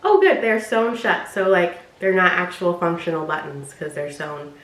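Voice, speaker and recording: A woman chatting casually as she unboxes and reviews clothes, often dropping low and quiet on her asides. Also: lively intonation, normal speed. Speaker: vlogger. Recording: echoey room with faint noise.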